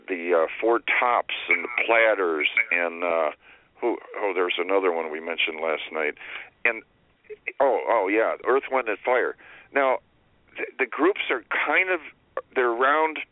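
A man's voice: lowish voice, dry recording. A man hosting a radio talk show, asking loose, rambling questions in casual chat. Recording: dry, phone-like narrow sound.

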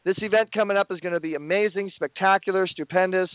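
Fast and high, with fairly even intonation, a radio talk show host signs off excitedly, pleading through gushing plugs and trading playful banter. The sound is dry and phone-like, without any room sound.

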